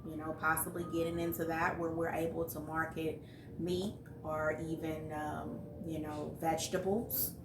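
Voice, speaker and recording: Low-voiced woman, halting, distant. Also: level tone, reverberant, over music. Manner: halting, many ums and restarts. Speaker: guest, entrepreneur. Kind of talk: casual interview.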